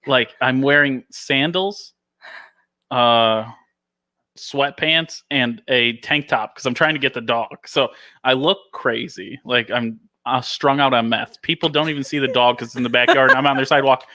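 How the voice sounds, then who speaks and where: A male podcast host spins an animated, laughing anecdote in casual chat. His voice is bright and forward, recorded close and dry with no room around it. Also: medium pitch, normal speed, dry recording.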